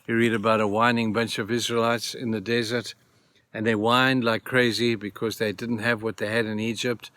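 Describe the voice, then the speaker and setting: A church speaker gives a short devotional talk in a mid-range, somewhat bright voice with no echo. Earnest and plain, he retells scripture stories in everyday words and repeats key phrases for emphasis.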